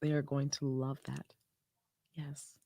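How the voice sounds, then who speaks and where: Low voiced woman podcast host, super affirming, dry close studio mic. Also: flat delivery, slow pace, creaky, mellow, dry recording. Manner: affirming, lots of "yes" and "I love that".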